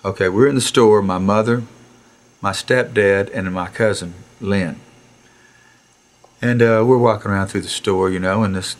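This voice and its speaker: Man in his sixties, low voice. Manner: animated storyteller who chuckles, acts out quotes and restarts sentences. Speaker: musician interview guest. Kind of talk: casual anecdotal storytelling. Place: recording studio.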